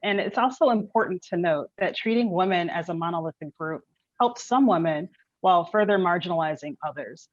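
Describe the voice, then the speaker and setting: A woman's voice: lowish voice, dry recording. A woman speaking as a panelist in a panel discussion, forthright and emphatic. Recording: dry, dull-sounding audio.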